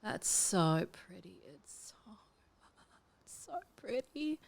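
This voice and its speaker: A woman's voice: medium pitch, big pitch swings, slow pace, gravelly, a little mellow. A woman talking through a game build, drifting between murmured comments and whispers to herself. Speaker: game build tutorial host. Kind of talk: casual gameplay commentary.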